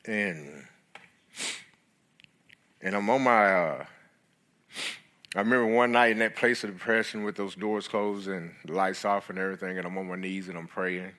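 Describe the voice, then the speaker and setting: A middle-aged man, a guest speaker, telling his story in a sermon in an earnest, halting way with many restarts. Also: deep voice, fairly even intonation, pushed and bright. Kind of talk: sermon testimony.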